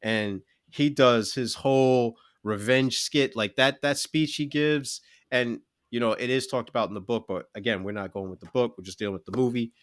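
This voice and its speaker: A man co-hosting a podcast, talking in a relaxed, thoughtful way with many fillers. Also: medium pitch, moderate pace, few pauses. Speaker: podcast co-host. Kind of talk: casual podcast chat.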